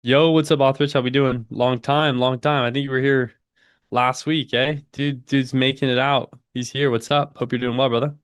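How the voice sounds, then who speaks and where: A man's voice: mid-range voice, flat delivery, normal speed, smooth, no room sound, studio quality. Slangy young man hosting a trading stream. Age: 20s. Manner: slangy, laid-back, says dude a lot. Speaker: day-trading livestream host. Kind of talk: casual livestream chat with market commentary.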